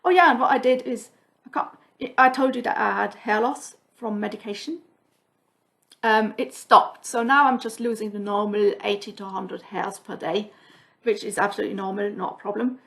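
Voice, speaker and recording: A woman's voice: medium pitch, normal speed, vocal fry, fairly bright tone. A woman vlogger telling a story in casual chat, laughing often and quoting what others said. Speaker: cross-stitch vlogger.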